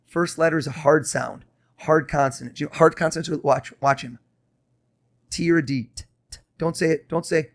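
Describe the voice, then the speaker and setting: A young man, a mentalist guest on a podcast, talking fast and coaxing as he reads a host's mind live. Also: fairly high pitch, fairly even intonation. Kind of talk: casual podcast talk with live mind-reading.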